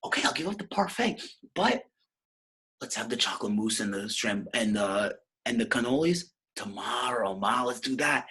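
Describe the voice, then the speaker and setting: A man's voice: medium pitch, animated, normal speed, bright, forceful tone, pitched above the performer's own voice. A man voicing a brash, swearing young pizzeria worker who wheedles his mother for food. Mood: brash wheedling.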